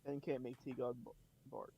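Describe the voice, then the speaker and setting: A man's voice: medium pitch, little pitch movement, normal speed, creaky, warm tone, dull audio. A man on a game stream joking around and teasing the others. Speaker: gamer on a stream. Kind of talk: casual gaming chat.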